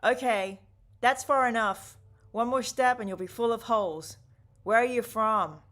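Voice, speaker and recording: A stern, wary male survivor of the apocalypse, put on by a woman reading aloud, barking out short, clipped warnings. He sounds gruff and guarded, a hard man who trusts no one on the road. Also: medium pitch, brisk, fairly bright tone, lightly acted. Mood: threatening.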